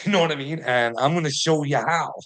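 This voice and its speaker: A man's voice: on the high side, normal speed, a bit bright. A man rambling through a casual monologue, chuckling often between phrases, swearing freely and asking rhetorical questions. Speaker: channel host.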